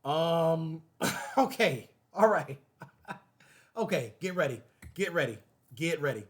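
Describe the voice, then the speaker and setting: A man's voice: fairly high pitch, takes it slowly. A man hosting his own show, talking casually and animatedly to the camera, repeating phrases and breaking into laughter. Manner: animated, repetitive, laughing asides. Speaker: show host.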